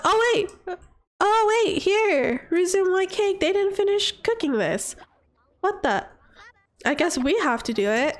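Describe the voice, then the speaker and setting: Gushing, high-voiced young woman gamer. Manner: gushing, excitable, giggly. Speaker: gaming channel host. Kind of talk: life-sim gameplay commentary.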